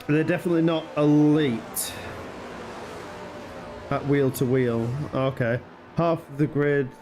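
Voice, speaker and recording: A man's voice: on the high side, slow pace, noisy background. A man with a northern English accent calling an esports race live, chatty and teasing his co-commentator. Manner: chatty, bantering, excitable at crashes.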